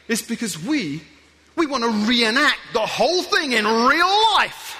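Male speaker, very high and bright voice, playful storyteller who acts out scenes, faint hiss behind. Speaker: guest speaker. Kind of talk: lively motivational talk to an audience.

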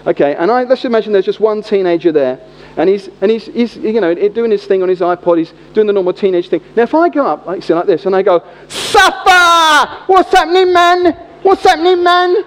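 Brief: male preacher in his forties, high voice, echoey church hall. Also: quick pace. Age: 40s. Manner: humorous, animated storytelling. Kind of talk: sermon. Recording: echoey hall, dull lo-fi sound.

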